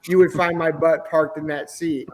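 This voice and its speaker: A man's voice: on the high side, little pitch movement, normal speed. A middle-aged man, a podcast guest, telling his personal faith testimony in an earnest, emotional way. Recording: long hall reverb.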